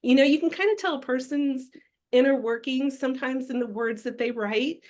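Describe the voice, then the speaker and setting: A woman's voice: high-pitched, normal speed, darkish tone. A woman guest telling her story in an interview, earnest and reflective.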